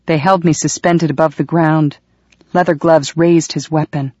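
A man reading a first-person audiobook chapter with steady, dramatic storytelling. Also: fairly high pitch, moderate pace, dry recording. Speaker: audiobook narrator. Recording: dry, slightly muffled.

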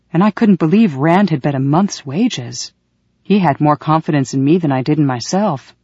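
A woman's voice: low-pitched, dry recording, muffled recording. A woman reading a first-person novel aloud, lingering vividly on sensations and feelings. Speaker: audiobook narrator.

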